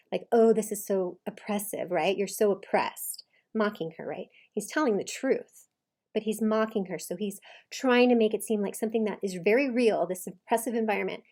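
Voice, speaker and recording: Woman giving animated reaction commentary. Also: medium pitch. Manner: animated, quotes lines back with emphasis.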